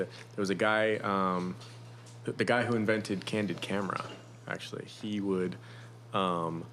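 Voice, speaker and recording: A man with a low voice tells a story in a loose, rambling way, starting over often and leaning on fillers. The recording carries a steady layer of room noise. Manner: rambling anecdote teller with many restarts. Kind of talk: casual chat.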